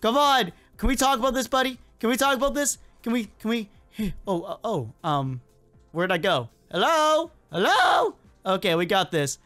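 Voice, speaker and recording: Excitable, chatty gaming host. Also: medium pitch, normal speed, soft background music. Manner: excitable, chatty, repeats phrases. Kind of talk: let's play commentary.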